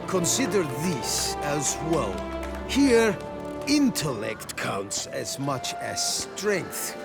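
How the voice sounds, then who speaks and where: An actor playing a deliberate, knowing ringside figure in a video game. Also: male voice, on the high side, very animated, gravelly, loud music behind the voice, heavily acted. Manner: slow, deliberate.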